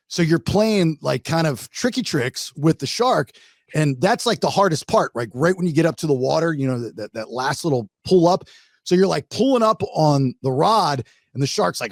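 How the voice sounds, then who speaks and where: A middle-aged man hosting a podcast, telling a fishing story in a casual, animated way with many restarts. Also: fairly high pitch, no echo. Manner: animated, restarts a lot, acts out shark growls. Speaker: podcast host.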